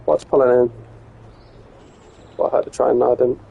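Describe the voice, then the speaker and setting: Casual English male streamer, gravelly and mellow, muttering play-by-play with the odd swear. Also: medium pitch, flat delivery, normal speed, lo-fi sound. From England. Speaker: live streamer. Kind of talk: casual gameplay commentary.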